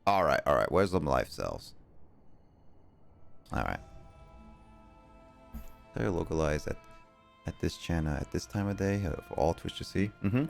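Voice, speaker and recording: This streamer has a low, creaky, expressive voice and talks unhurriedly with long pauses while faint music plays behind him. He chats casually with viewers during a gameplay livestream, rambling and reacting as he plays.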